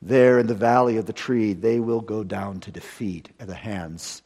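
A man preaching a sermon in dramatic style, slowing down for weight and rising to loud peaks. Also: lowish voice, steady tone. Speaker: pastor. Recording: long hall reverb.

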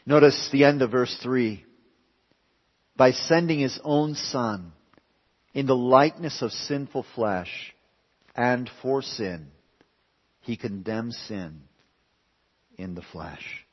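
A man preaches in a church, moving from raised, pressing lines to hushed ones. His voice sits mid-pitch for a man. The recording carries a long hall reverb and a dull, lo-fi sound. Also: slow pace, pauses often. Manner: emphatic preaching, swinging between raised and hushed. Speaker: pastor. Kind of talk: sermon.

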